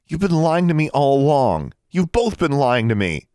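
A man's voice: sits low, big pitch swings, normal speed, dry recording, clean studio sound. A man voicing a defiant, sullen teenage witch girl who snaps and demands answers. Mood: accusing. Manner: snapping, indignant, demanding.

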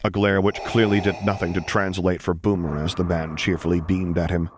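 A man reads a story aloud in a fairly low voice, lifting his pitch to act out the spoken lines. A steady hiss of noise sits under the recording. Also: fairly quick. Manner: voices dialogue with lifted pitch and stern delivery. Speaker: audiobook reader. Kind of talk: scripted narration of fan fiction.

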